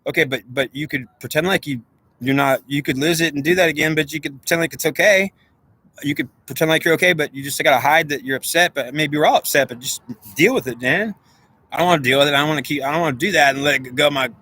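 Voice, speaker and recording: A man rambles through a loose monologue, arguing with himself as his thoughts tumble out. His voice sits somewhat high and bright with a sharp, forceful edge. He talks at a quick clip. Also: husky. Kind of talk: unscripted monologue; guided visualization.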